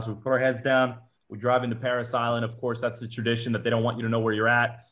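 A man's voice: medium pitch, level tone, fast, hardly any pauses, fairly bright tone. A man from Georgia, a former Marine, telling his story as an interview guest, full of "like" and acted-out quotes. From Georgia, USA. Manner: chatty, acts out quotes, frequent "like" and "uh" fillers.

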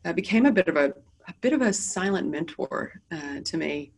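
Low-voiced American woman, candid guest. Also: a little fast, breathy edge. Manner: candid, lively and self-deprecating. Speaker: guest, business founder. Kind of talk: casual interview storytelling. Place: office.

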